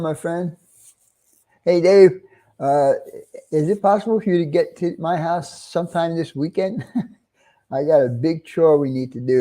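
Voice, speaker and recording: A man's voice: fairly high pitch, dark tone. Chatty New York man greeting viewers. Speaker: livestream host. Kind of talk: casual livestream chat.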